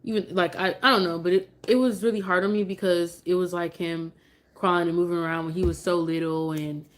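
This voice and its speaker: Chatty, emotional woman, slightly low voice. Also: steady tone, a little fast. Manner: chatty and emotional, switching to sing-song coaxing with her toddler. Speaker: mother live-streaming at home. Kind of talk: casual live-stream chat.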